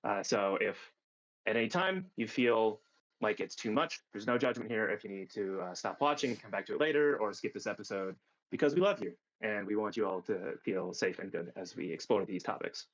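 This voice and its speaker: A man's voice: on the low side, expressive, highs cut off. A man narrating as game master of a streamed tabletop game, stopping often with fillers and restarts. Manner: halting, many fillers and restarts.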